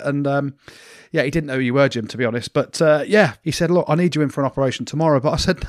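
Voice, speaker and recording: Male podcast cohost, higher pitch, dry close sound, self-mocking storyteller, casual banter. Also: very fast, few pauses, no echo. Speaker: podcast co-host.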